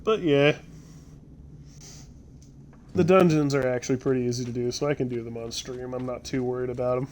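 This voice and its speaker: A man's voice: mid-range voice, fairly even intonation, a little fast, long pauses, darkish tone, slight background noise. A man streaming a video game, chatting casually with a friend, laughing easily and often breaking off to restart a sentence. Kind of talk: casual gameplay chat. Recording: faint game music behind.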